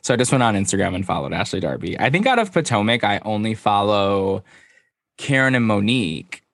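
A man co-hosting a casual recap podcast, talking in an animated, emphatic way and swearing freely. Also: on the low side, brisk, no room sound, clean studio sound. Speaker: podcast co-host. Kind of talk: casual reality-TV recap chat.

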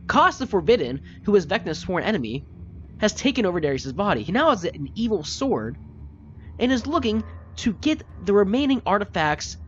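A man's voice: medium pitch, moderate pace, dull audio, slight background noise, close to an everyday voice. A man voicing a stern, commanding older male leader who lectures bluntly and swears. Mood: furious.

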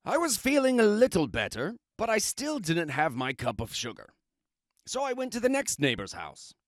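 A man's voice: a little high, dry recording, studio quality. A man reading a children's book aloud, telling it in first person in a chatty, self-justifying way. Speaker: storybook reader.

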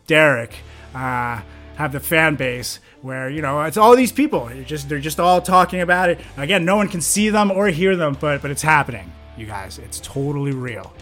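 Man, comedy podcast co-host, sarcastic banter, bright tone, light music bed. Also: fairly high pitch, expressive, moderate pace. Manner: sarcastic, jokey, swings between mumbled asides and loud bursts.

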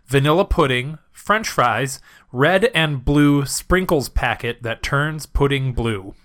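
Bright-voiced joking podcast man. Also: medium pitch, slow pace. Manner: chatty, joking, reads out labels. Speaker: podcast co-host. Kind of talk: casual comedic chat.

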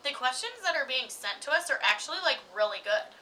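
High bright-voiced woman telling a story. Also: quick pace, distant mic, slight background noise, low-quality recording. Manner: animated, laughs often, acts out quoted voices. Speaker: podcast co-host. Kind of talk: casual chat, storytelling.

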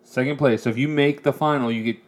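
A podcast co-host chats casually about football and fantasy league rules, laughing easily and wandering off on tangents as he explains. His mid-range voice stays steady while he talks quickly.

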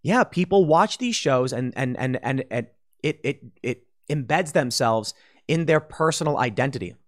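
A man talks through a political commentary monologue. His pitch sits in the middle of the male range. He rambles and restarts often, with plenty of fillers. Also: lively intonation, normal speed. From Chicago. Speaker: commentary host.

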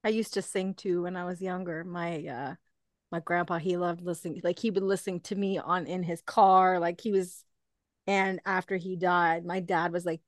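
A woman's voice: on the low side, fairly even intonation, fairly quick, dry recording, clean studio sound. A young woman hosting an interview over a video call, talking in a gushing, chatty way full of fillers. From Canada. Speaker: host. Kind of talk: casual interview chat.

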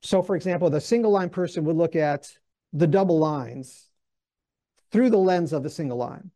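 A middle-aged man teaches a Bible lesson in a lively, animated way, often slipping into quoted voices and restarting his sentences. His voice sits high for a man, yet sounds mellow, with a gravelly edge. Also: moderate pace. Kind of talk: lecture-style Bible teaching.

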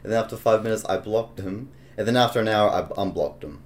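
A young man hosting a casual podcast, teasing and laughing, with halting restarts. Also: fairly low pitch, a little hiss or hum. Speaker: podcast host.

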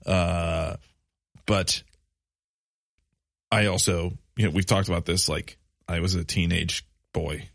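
Man, 30s, very low gravelly voice, dry close sound, casual rambling podcast talk. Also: fairly even intonation, slow, pauses often, dry recording. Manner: rambling, lots of fillers and restarts. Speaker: podcast co-host. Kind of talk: casual chat.

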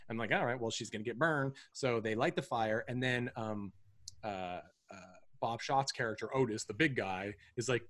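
A man's voice: mid-range voice, a bit bright, no echo. A man co-hosting a film podcast, recapping a movie in casual chat. He rambles and restarts his sentences often, stacking fillers as he goes. His voice sits in a dry, close-miked sound. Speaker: podcast co-host.

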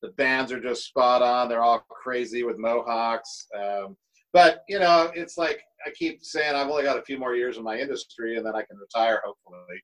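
A middle-aged man from the United States settles into a casual, rambling road story as a podcast guest. He swears freely and talks with an easy, unhurried looseness. His pitch sits right in the middle of the range. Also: a bit bright, rough recording. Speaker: guest drummer.

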